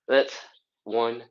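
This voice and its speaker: A man's voice: medium pitch, lo-fi sound. Breathless man coaching a live stretch class. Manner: counts reps aloud, casual and encouraging, sighing between moves. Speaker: fitness instructor. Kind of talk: live follow-along workout coaching.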